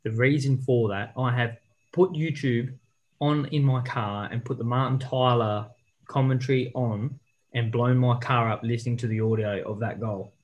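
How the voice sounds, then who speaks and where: A man's voice: mid-range voice, steady tone, normal speed, darkish tone, muffled recording. A man, co-hosting a casual sports chat over a video call and talking over the others. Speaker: podcast co-host.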